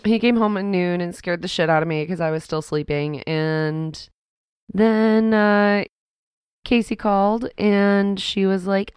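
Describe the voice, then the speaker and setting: Smooth-voiced young woman podcast co-host. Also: mid-range voice, no room sound. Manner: laughs often, swears casually. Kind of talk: casual chat. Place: at a home. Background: cat in the room.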